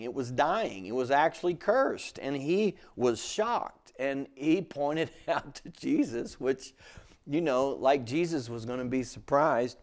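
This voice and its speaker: A man teaching the Bible in a relaxed, conversational way. He often restarts phrases and grows emphatic when he quotes scripture. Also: a little high. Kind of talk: sermon teaching.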